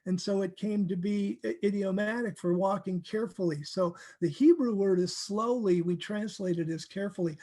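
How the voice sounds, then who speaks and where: A man teaching from the Bible in a casual, animated way, acting out verses and laughing often. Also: high voice, normal speed, few pauses.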